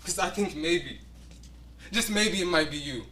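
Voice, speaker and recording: A man's voice: on the high side, expressive, measured pace, pushed and bright, distant mic. A man acting a stage monologue as a grieving young man still waiting for a lost love, speaking with bitterness and longing. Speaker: acting student. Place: acting studio room.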